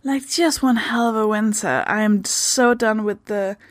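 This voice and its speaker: A woman from Denmark with a Danish accent, hosting a podcast in a casual unscripted intro, tired and halting, stopping mid-sentence. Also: mid-range voice, dry recording, studio quality. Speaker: podcast host.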